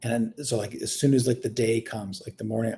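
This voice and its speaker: Speaking fairly quickly in a low, creaky voice, a man in his thirties recounts something personal in a casual chat. The telling is rambling and full of fillers and restarts, veering from quiet to animated.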